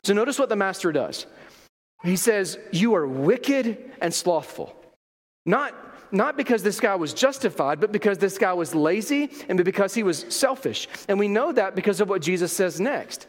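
A man's voice: high-pitched, expressive, normal speed, long reverb tail. A man delivering a sermon as a pastor, emphatic and full of rhetorical questions.

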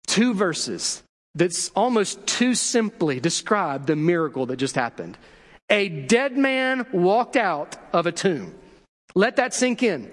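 A man's voice: high voice, long reverb tail. A man preaching a sermon as a pastor, telling a story with acted-out quotes and questions for the congregation.

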